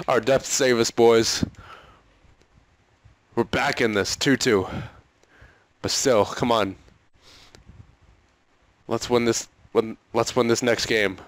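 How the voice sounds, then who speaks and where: A man's voice: mid-range voice, steady tone, takes it slowly, pauses often, no echo. A man doing let's-play commentary on a hockey video game, exasperated and pleading with his team, often laughing and sighing. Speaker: gaming commentator.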